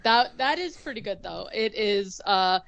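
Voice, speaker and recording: A woman's voice: medium pitch, animated, measured pace, gravelly, a bit bright. Woman podcast cohost rambling casually, lots of likes, bit muffled audio. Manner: chatty, leans heavily on "like" and "um". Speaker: podcast co-host. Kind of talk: casual chat recapping a cartoon episode.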